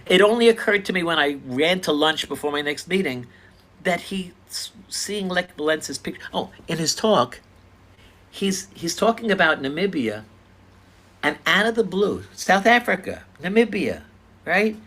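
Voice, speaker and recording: A man's voice: high voice, moderate pace. Older man telling personal stories. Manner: earnest, animated retelling of encounters. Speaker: speaker sharing personal stories. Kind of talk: casual personal storytelling.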